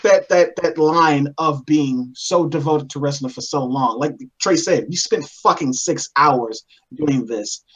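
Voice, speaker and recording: A man's voice: fairly high pitch, measured pace, hardly any pauses, a bit bright, poor audio. A man co-hosting a wrestling reaction chat, ranting in frustration. He swears constantly and circles back over the same phrases as he vents. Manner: ranting, swearing, repeats himself. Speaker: wrestling show co-host. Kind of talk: heated casual chat.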